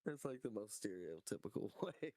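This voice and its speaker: A man co-hosting a podcast who talks in a profane, offhand, joking way while high. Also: big pitch swings, moderate pace, a little mellow, dry recording. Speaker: podcast co-host. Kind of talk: casual chat.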